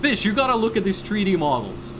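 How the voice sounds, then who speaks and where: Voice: mid-range voice, big pitch swings, a little fast, background noise. A streamer chatting casually and rambling over gameplay, swearing freely and jumping between topics.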